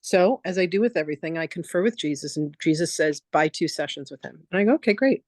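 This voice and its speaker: A woman hosting an online masterclass, telling a story in a chatty, animated way and acting out quotes in a lively voice over a video call. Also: low voice, fast talker, dry recording, clean studio sound. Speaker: spiritual teacher hosting a free online masterclass. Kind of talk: casual storytelling on a live video session.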